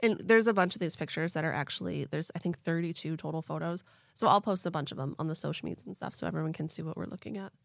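A woman with a deep, gravelly voice talks fast as a podcast host, in a dry, studio-quality recording. She tells a story in a chatty, playful way, using lots of fillers.

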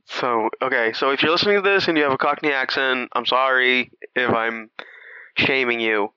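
A man's voice: medium pitch, normal speed, pushed and bright, clear, resonant tone, no room sound. A man co-hosting a podcast in casual chat, joking and rambling with frequent laughter. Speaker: podcast co-host. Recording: slightly dull lo-fi sound.

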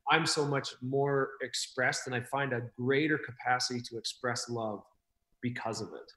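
Male host, bright tone, mid pitch, earnest, encouraging, casual chat. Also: steady tone, moderate pace. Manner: warm-hearted, encouraging, earnest. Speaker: podcast host.

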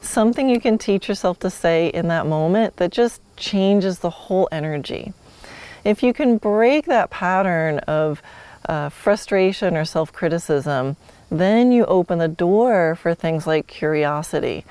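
A woman's voice: lowish voice, lively intonation, a little slow, darkish tone, clear, resonant tone, no room sound. A woman teaching horsemanship in a friendly, easygoing way. She laughs often and acts out how a horse might reply. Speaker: horsemanship instructor. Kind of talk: teaching an online course lesson.

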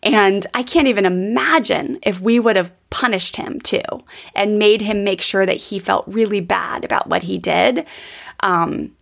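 A woman's voice: mid-range voice, unhurried, gravelly. A woman in her thirties hosting a podcast, telling personal stories in an earnest, heartfelt way with many fillers. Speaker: podcast host. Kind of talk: personal storytelling monologue.

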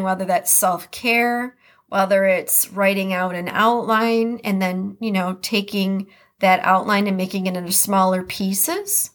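A woman's voice: medium pitch, a little slow, a bit bright. Chatty Midwestern woman podcast host. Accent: Upper Midwest American. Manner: chatty, reflective, reads quotes aloud then comments. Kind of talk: casual podcast monologue.

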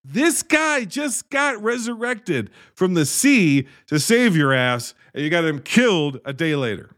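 A man rants through a movie plot with sarcastic, exasperated humor and constant swearing. His voice sits a little high and swings widely in pitch as he builds to mock outrage. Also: very animated, unhurried, fairly bright tone. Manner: sarcastic, exasperated, swears freely, acts out characters' lines. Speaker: movie reviewer. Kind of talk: profane comedic movie recap.

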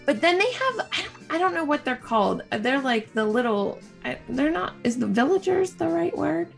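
A woman co-hosting a podcast, gushing and animated as she tells stories in casual chat. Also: sits high, moderate pace, vocal fry, faint music behind. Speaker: podcast co-host.

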